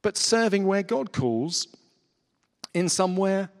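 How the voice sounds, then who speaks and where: A man's voice: high-pitched, expressive, takes it slowly. A man preaching a sermon in an earnest, conversational way, with fillers, in a church hall.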